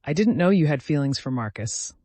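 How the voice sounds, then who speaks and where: A man's voice: fairly high pitch, lively intonation, brisk, darkish tone, no room sound. A man voicing a frightened, remorseful young woman who pleads earnestly. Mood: pleading.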